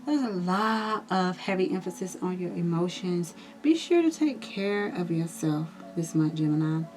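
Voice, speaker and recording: Brief: woman tarot reader, chatty and reassuring, talks straight to viewers, soft music underneath. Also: fairly low pitch, animated, moderate pace. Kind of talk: casual astrology reading.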